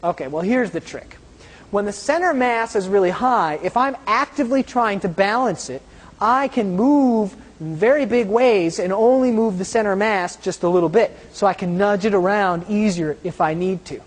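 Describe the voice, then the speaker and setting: A woman teaching a science lesson through hands-on demonstrations, pausing often to check that her listeners follow. Her mid-pitched voice carries a long echo from a large room. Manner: explains while doing hands-on demonstrations, often checking in with "okay?". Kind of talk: classroom demonstration lecture.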